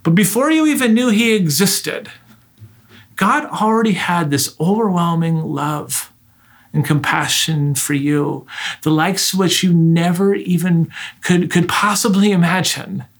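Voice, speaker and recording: A man's voice: high-pitched, unhurried. Earnest male preacher giving a sermon. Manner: earnest, rhetorical questions, acts out greetings.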